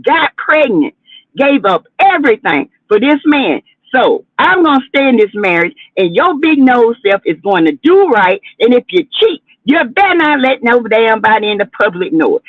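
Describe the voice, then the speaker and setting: A woman voicing a proud, controlling wife who demands a perfect marriage, in an indignant, bossy way. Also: no echo. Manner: indignant, bossy, rising pitch. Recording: tinny phone-like livestream audio.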